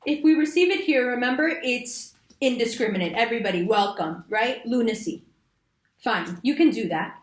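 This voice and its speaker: A woman reads the month's horoscope with a fairly high, lively voice. She talks directly and emphatically to her viewers and slips into casual slang. The room around her gives back a clear echo. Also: moderate pace. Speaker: astrology reader. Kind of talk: monthly horoscope reading to camera.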